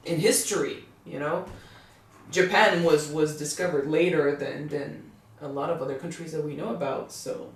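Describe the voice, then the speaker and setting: Rambling, swearing man in an echoey room. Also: fairly high pitch. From Canada. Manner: excitable, swears freely, rambling with many restarts. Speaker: anime reaction co-host. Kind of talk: casual chat reacting to an anime. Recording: echoey room, mic far off.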